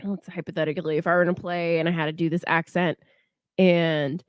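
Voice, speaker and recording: A woman's voice: on the low side, little pitch movement, brisk, smooth, no room sound. Giggly american woman just chatting on a podcast, dry close sound. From United States. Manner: giggly, laughs often. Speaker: podcast co-host. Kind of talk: casual chat.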